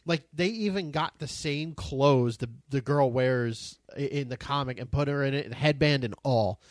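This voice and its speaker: A man's voice: mid-range voice, moderate pace, no room sound. A man hosting a casual podcast, talking in a laid-back, joking, slangy way. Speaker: podcast host. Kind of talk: casual chat.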